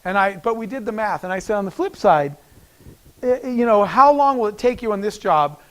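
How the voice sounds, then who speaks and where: High-voiced man telling an emotional story. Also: moderate pace. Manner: animated storyteller acting out quoted dialogue. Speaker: keynote speaker. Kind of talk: storytelling speech.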